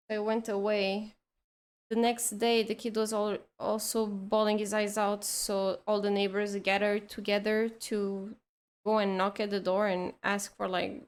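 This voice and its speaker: A woman telling a long story in casual chat, rambling with lots of "like" and restarts. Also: mid-range voice. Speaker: streamer.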